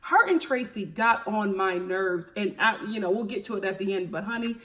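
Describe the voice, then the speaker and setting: A woman's voice: mid-range voice, normal speed. Sassy woman with a Philadelphia accent. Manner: sassy and animated, drops slang like honey and girl. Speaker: TV recap vlogger. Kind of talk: casual opinionated TV recap.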